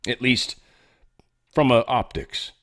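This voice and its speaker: A man's voice: mid-range voice, steady tone, slow pace, a bit bright. A man hosting a podcast, giving casual commentary in a sarcastic, rambling way and swearing often. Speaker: podcast host.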